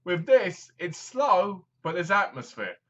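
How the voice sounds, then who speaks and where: A man's voice: sits high, very animated, takes it slowly, dull audio. A man giving a casual, rambling movie review, full of fillers. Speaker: film reviewer.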